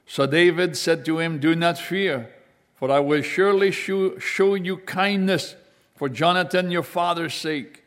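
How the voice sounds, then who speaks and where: Guy preaching a bible sermon, slow steady delivery, reads verses out. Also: sits high. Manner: slow and deliberate, reading scripture aloud.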